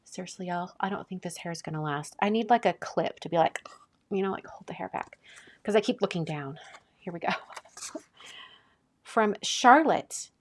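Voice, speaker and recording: A woman hosting a casual live stream, chatting and gushing as she opens mail, often dropping to a soft whisper. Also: fairly low pitch, animated, moderate pace, pauses often. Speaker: card-making channel host.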